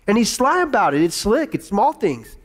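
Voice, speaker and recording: High-voiced preaching man in a reverberant hall. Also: very animated, normal speed. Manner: call-and-response preaching, repeats phrases for emphasis. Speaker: pastor. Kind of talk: sermon. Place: church auditorium.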